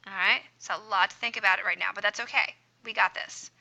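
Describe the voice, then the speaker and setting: In a screen-recorded lesson on grammar, a woman who teaches Spanish speaks quickly in a very bright, clear voice of medium pitch and steady tone. She encourages her students warmly and upbeat, adding playful sound effects as she moves through each step.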